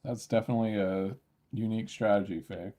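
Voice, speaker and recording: A man's voice: lowish voice, fairly quick. A man chatting casually on a live game stream from his home office. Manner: relaxed, talks to chat and his cat.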